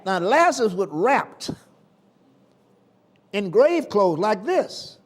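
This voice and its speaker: A male preacher delivering a sermon in a folksy, colloquial way. His voice is high and swoops widely in pitch, and he speaks slowly as he moves between shouts and quiet tones. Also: very animated. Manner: dramatic, swings between shouting and hushed tones.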